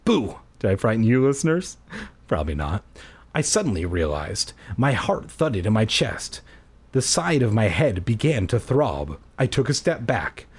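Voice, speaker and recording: A man's voice: on the low side, sing-song, unhurried, breathy edge. A man reading a horror story aloud for comedy, breaking off with jokey, self-mocking asides.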